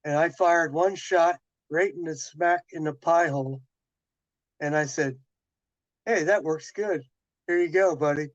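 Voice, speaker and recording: A man's voice: fairly high pitch, measured pace, no echo. Rambling man, dull lo-fi sound. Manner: rambling, with restarts and quoted dialogue. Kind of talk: casual chat storytelling.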